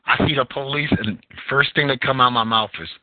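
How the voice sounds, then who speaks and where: A man's voice: fairly quick, no room sound. A man hosting a podcast, telling a story in casual, profane chat with big swings of feeling. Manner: animated, profane storytelling with wide pitch swings. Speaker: podcast host. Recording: tinny phone line.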